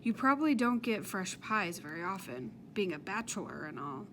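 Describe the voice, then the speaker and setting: A woman's voice: medium pitch, very animated, normal speed, fairly bright tone, slight background noise. A woman voicing a chatty, sing-song school lunch lady. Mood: sweetly pushy.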